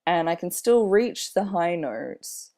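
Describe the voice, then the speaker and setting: A young man in his twenties with a slightly airy voice, talking casually in a personal vlog, unhurried and rambling with many fillers. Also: high voice, animated, darkish tone. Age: 20s. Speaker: vlogger.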